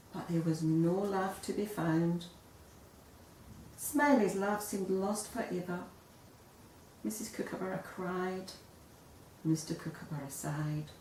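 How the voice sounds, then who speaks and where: Lady reading a kids book out loud, slow and expressive, a bit far from the mic. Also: medium pitch, slight background noise. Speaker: storybook reader. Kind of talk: children's story reading. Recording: echoey room, voice a bit far off.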